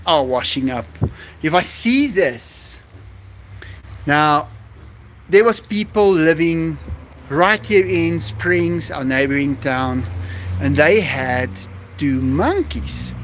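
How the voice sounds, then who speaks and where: A man's voice: fairly high pitch, fairly bright tone, a little hiss or hum. A man chatting casually on a live stream outdoors, talking to viewers and to his farm animals.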